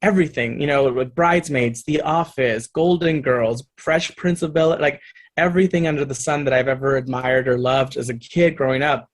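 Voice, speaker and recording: A man, an actor as a guest, telling animated stories and acting out the voices of the people in them. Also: mid-range voice, normal speed. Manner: lively, acts out other people's voices in his stories.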